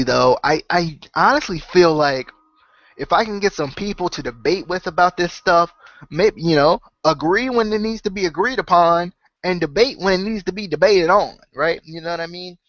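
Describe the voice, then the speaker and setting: A man's voice: sits high, moderate pace, a bit bright, dry recording, muffled recording. A man hosting a wrestling podcast, his voice sick, talking in a casual rambling way with lots of "right?" and "you know.". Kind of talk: casual solo opinion talk.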